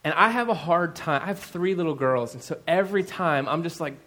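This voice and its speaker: Conversational man preaching a sermon, slightly high. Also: animated, a little fast, pushed and bright. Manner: conversational, with many fillers and asides. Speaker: pastor.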